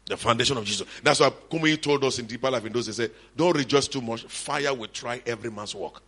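Fast-talking and mid-range in pitch, a middle-aged Nigerian-accented man preaches an animated sermon at a church conference, with occasional shouting and Yoruba asides.

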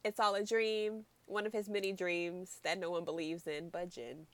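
A woman's voice: fairly low pitch, flat delivery, moderate pace, dry recording. A woman casually recapping a show with friends, chatty and giggly, using many "like" fillers. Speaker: podcast co-host.

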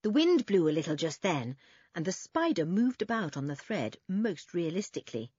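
A woman reads a children's story aloud with a very lively, rising and falling voice and a breathy tone. The recording is dry and a little dull, like an old audiobook. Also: fairly low pitch, moderate pace, no echo. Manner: expressive, animated reading. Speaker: audiobook narrator. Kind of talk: scripted children's story narration.

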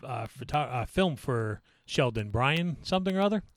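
A man's voice: medium pitch, expressive, normal speed, dry recording, studio quality. A man who is a guest on a podcast, telling stories in a blunt, profane, matter-of-fact way. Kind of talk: casual chat, storytelling.

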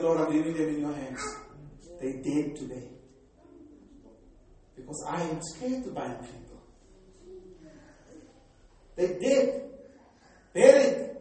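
A fervent, exhorting older pastor with a South African accent and a warm, mellow voice pitched a little high. He is picked up from far off in a very echoey hall. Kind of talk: sermon.

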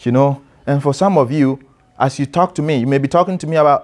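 A man with a voice on the high side delivers a relaxed, interactive sermon a little fast, speaking like a pastor and teacher. He poses questions to his listeners and calls on people by name to read.

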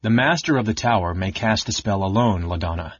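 A man voicing a stern old archmage who speaks in a measured, solemn way. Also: on the low side, lively intonation, slightly rough, dry recording, dull audio. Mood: grim.

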